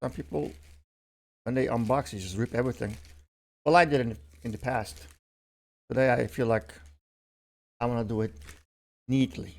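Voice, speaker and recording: A man's voice: mid-range voice, moderate pace, gravelly, pauses often. Older man chatting through an unboxing. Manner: chatty and rambling, with many fillers and self-corrections. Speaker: unboxing vlogger. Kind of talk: casual unboxing commentary.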